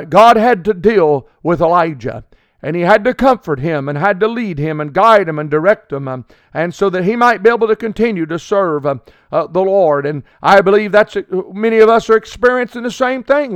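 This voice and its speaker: A high-pitched man delivers a radio sermon in a dry, close recording. He talks haltingly, with frequent filler sounds between phrases, and builds into emphatic preaching. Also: expressive, smooth, dry recording.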